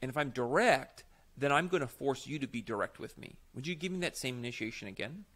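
A man's voice: medium pitch, lively intonation, fast talker, fairly bright tone. A man co-hosting a podcast, explaining improv technique in casual, emphatic chat. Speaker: podcast co-host, improv teacher.

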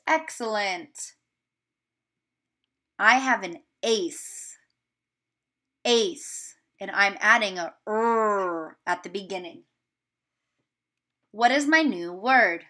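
A woman teacher giving a remote video lesson to young children, sounding out words slowly and encouraging them. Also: mid-range voice, lively intonation, bright, forceful tone.

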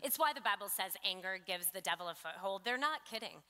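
A woman's voice: mid-range voice, lively intonation, brisk, sharp tone. A woman sharing a conversational sermon, earnest and affirming, citing scripture. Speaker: pastor. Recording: long reverb of a church hall.

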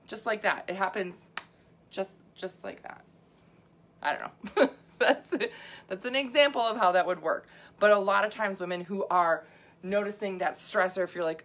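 A woman's voice: mid-range voice, moderate pace, fairly bright tone. A middle-aged woman health coach talking casually to viewers, chatty and full of asides and fillers, laughing often. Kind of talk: casual livestream talk.

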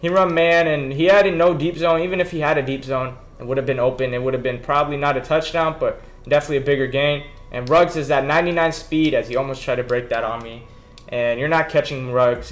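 A young man giving casual, slangy commentary over his own football video game match, mostly talking to himself as he plays. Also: fairly high pitch. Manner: laid-back, slangy, talks to himself while playing. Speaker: gaming YouTuber. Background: background beats.

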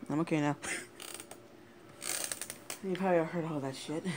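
A man's voice: fairly high pitch, steady tone, moderate pace, long pauses. Foul-mouthed young man gaming, noisy recording. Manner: swears a lot, angry outbursts. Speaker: gameplay commentator. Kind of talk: casual gaming commentary.

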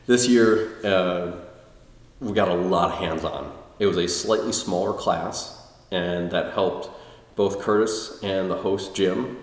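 Low-voiced man rambling in a roomy space. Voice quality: quiet, introverted. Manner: rambling, self-deprecating, many restarts. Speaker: tai chi video blogger. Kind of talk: casual spoken review. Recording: roomy, distant mic with long reverb.

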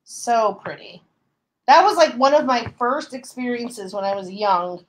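A woman's voice: a little high, animated, a little slow, poor audio. A woman hosting a casual craft livestream, bubbly and laughing often as she explains each step. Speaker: craft show host.

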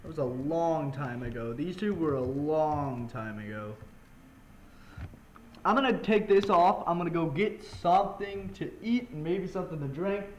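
Fairly high-pitched and unhurried, his lively intonation runs through casual let's-play commentary recorded indoors at home, with slight background noise. The man is a gaming channel host who chats while eating with his mouth full. His mic is pressed right against his mouth.

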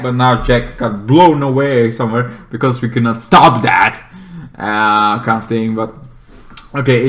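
A man recapping a TV episode in a loose, rambling way, full of fillers and restarts, with excited squeals in between. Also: medium pitch. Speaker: TV show reviewer.

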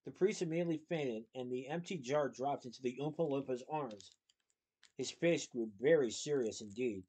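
A man reading a children's novel aloud with steady, expressive narration. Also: mid-range voice, moderate pace, husky, low-quality recording. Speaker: storybook reader.

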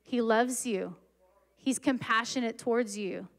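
Young woman, fairly high voice, earnest church talk, chatty and heartfelt, lots of restarts. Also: unhurried. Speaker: church speaker. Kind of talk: sermon.

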